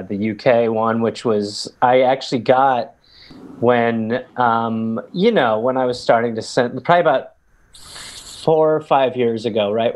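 A man chatting casually as a comedian guest, rambling and jokey. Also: medium pitch. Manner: rambling, jokey, slips into silly voices.

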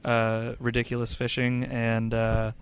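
Smooth-voiced man in rambling chat. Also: medium pitch, monotone, a little slow. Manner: rambling, with many fillers and restarts. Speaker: podcast co-host. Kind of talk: casual chat about games.

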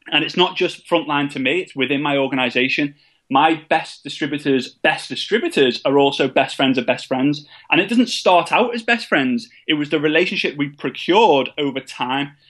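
A younger man with a mid-range, slightly bright voice is interviewed as a guest about his work as a network marketer. He tells his story casually and self-deprecatingly, restarting his sentences often.

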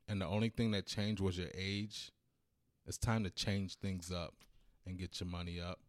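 A man from the Caribbean hosting a casual talk show, relaxed and joking with his co-host. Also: lowish voice, clear, resonant tone, dry recording, clean studio sound. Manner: relaxed, joking, drops into put-on voices. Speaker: podcast host. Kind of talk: casual chat.

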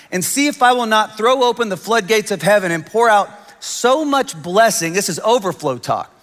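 Guy preaching in a big church, slightly high voice, long echo off the walls, acts out the people he quotes. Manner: animated storytelling, quoting others in raised voices. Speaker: pastor. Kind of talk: sermon. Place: large church hall. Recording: long hall reverb.

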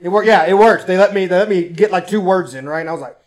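Dude telling a wild story on a podcast, kinda high voice, swears a lot, does everyone's voices. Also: male voice, quick pace. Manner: profane, animated, acts out quotes. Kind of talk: casual storytelling.

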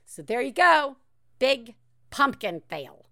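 A woman's voice: high-pitched, sing-song, slow, pushed and bright. A woman podcast host from the American South, telling stories in casual chat with frequent laughs and fillers. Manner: chatty, laughs often, filler-heavy storytelling.

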